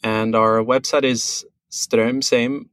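A man from Norway with a Norwegian accent, a guest on a podcast who explains things in a measured way with many pauses and restarts. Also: medium pitch, level tone, fairly bright tone, no room sound. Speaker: guest, brand co-founder. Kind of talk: casual podcast interview.

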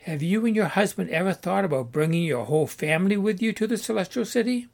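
A man voicing an earnest, scripture-quoting male traveler in a storybook, reasoning calmly. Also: high voice, fast, vocal fry, pitched above the performer's own voice, heavily acted.

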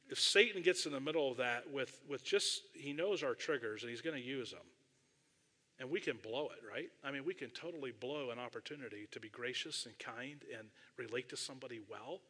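A middle-aged male pastor delivers his sermon in a relaxed, storytelling way, laughing at himself and dropping in casual asides. His voice has a bright, clear edge. The sound rings with the long reverb of a large church sanctuary. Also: mid-range voice. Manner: self-deprecating storytelling, conversational asides.

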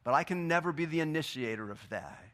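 A man preaching a sermon in a church, swinging between loud, emphatic bursts and quieter scripture reading. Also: on the high side, lively intonation, fast. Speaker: pastor. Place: church sanctuary.

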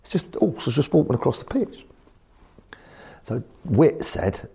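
Man, former football manager, husky gravelly voice, lively pitch, animated storyteller. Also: normal speed, pauses often. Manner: animated, acts out voices in his stories. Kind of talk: anecdotal storytelling.

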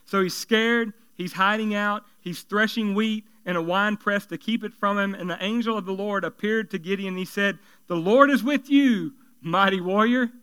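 A male pastor preaching a sermon in an animated, conversational way, with joking asides. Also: high-pitched, normal speed, few pauses, smooth.

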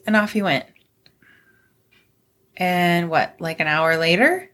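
A woman's voice: lowish voice, measured pace, long pauses, fairly bright tone. Chatty, laughing middle-aged woman host. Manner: chatty, laughs often, tells stories. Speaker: podcast co-host. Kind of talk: casual chat.

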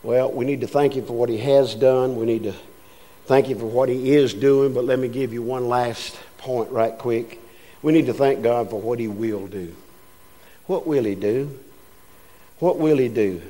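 A man's voice: mid-range voice, steady tone, moderate pace, warm tone. An older man preaching a folksy sermon, telling homespun stories and acting out the voices in them. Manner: homespun storytelling, acts out voices in anecdotes.

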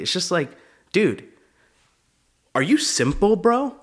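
A man's voice: on the high side, sing-song, measured pace, a bit bright. A male comedian hosting his show, riffing in a loose, profane monologue that is full of "dude". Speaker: comedian host.

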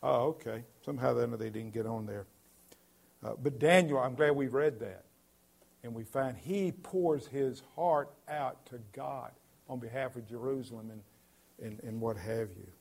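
A male pastor preaching a sermon in an earnest, emphatic way, his voice swelling loudly at points. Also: medium pitch, a little slow, vocal fry.

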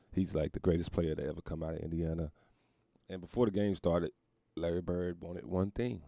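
A man's voice: low voice, creaky, warm tone, dry recording, clean studio sound. A young adult man hosting a podcast, riffing profanely and laughing often. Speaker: podcast host. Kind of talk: casual comedic monologue.

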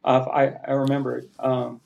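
Middle-aged man, passionate, heartfelt, halting, fry in the voice, dull lo-fi audio. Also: medium pitch, completely flat delivery, a little mellow. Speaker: podcast guest. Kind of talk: earnest personal storytelling. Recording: slightly muffled lo-fi sound.

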